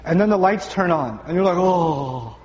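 High-voiced man preaching in a reverberant hall. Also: quick pace. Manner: animated, acts out little scenes with funny voices, rising pitch when emphatic. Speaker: speaker at a Ramadan talk. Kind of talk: lively sermon to young audience. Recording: dull sound with long reverb in a hall.

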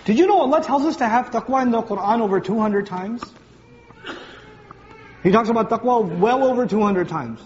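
Male preacher, high voice, playful storytelling delivery; muffled, reverberant hall recording. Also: moderate pace. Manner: lively, conversational, acts out everyday voices. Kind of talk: sermon. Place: large gathering hall with congregation. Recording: distant voice in a large hall, muffled, faint hum.

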